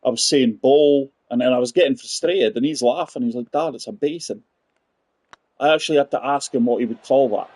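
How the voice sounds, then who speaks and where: A man's voice: mid-range voice, quick pace, few pauses, a little mellow, no echo. A man in his forties giving chatty, rambling commentary while playing a golf video game and talking to his viewers. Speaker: gaming channel host. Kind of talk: casual gameplay commentary.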